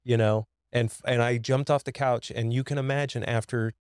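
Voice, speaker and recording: A man's voice: medium pitch, fairly even intonation, brisk, clear, resonant tone, no room sound. A man in his fifties tells a personal story as a podcast guest. He is earnest and emphatic, often repeating words when he gets going. His voice sits mid-range and sounds dry and close to the mic.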